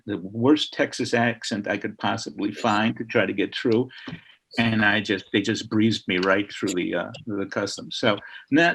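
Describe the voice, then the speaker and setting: A man, a writer speaking as a guest, telling a lively anecdote on a video call and acting out the people in it. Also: fairly low pitch. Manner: lively, acts out the people in his story. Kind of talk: anecdotal storytelling.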